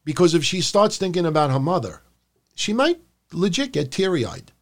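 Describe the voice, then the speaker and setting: A man's voice: fairly high pitch, big pitch swings, moderate pace. A man co-hosting a podcast, chatting casually about wrestling and mocking promos in put-on voices. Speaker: podcast co-host.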